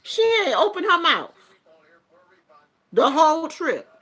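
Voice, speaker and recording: A woman hosting a show and chatting casually through a story, animated and acting out everyone's lines. Her voice is bright and a little high. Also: takes it slowly. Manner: animated, acts out quotes. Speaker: host.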